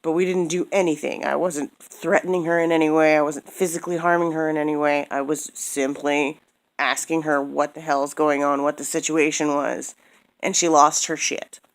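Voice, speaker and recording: A woman in her thirties vents in a heated, swearing rant, circling back over the same points. Her voice sits low and sounds tired. She talks straight to the camera like a personal vlogger. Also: little pitch movement, normal speed. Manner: heated, profane, repeats herself.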